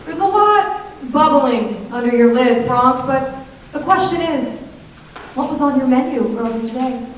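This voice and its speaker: A teenage girl playing a deadpan detective who cross-examines a suspect with food puns. The voice is high and sounds distant, caught from far back in a very echoey school theater. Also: a little slow, a little hiss or hum. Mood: accusatory. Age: teens. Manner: dry, punning, accusatory. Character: punning female detective interrogating a chef. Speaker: student actor. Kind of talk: high school stage comedy.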